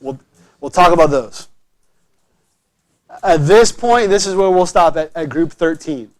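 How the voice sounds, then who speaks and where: A man teaching a chemistry lesson in a classroom, his voice sitting quite high. He keeps encouraging the students and checks often that they follow. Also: lively intonation, measured pace. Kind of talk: classroom lecture.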